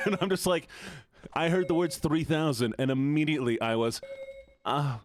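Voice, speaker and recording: A man's voice: a little high, steady tone, moderate pace. A man live-streaming in a playful, joking way, sounding nasal and stuffed-up as he teases his chat. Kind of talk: casual live-stream chatter.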